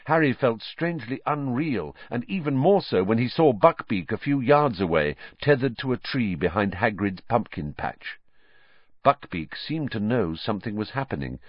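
Man, audiobook narrator, expressive storytelling, lively pitch, dry muffled sound. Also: no echo. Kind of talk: scripted narration.

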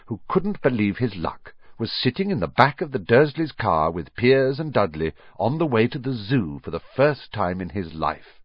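A man narrating an audiobook with expressive, lively storytelling. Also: on the low side, slightly rough, no echo, muffled recording.

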